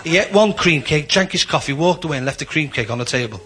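A comedian confides a rueful story in a slightly high voice. The show is recorded live, with a club crowd clearly heard behind him. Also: male voice, lively intonation, fast. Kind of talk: stand-up anecdote. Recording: live club with audience laughter.

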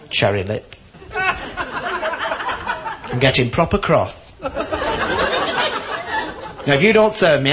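Bossy camp pub customer, lower voice, as a comic does him live. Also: male voice, full character voice. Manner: camp and pushy. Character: flamboyant man with a big dog, bossy and demanding. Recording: live club recording, noisy crowd laughter.

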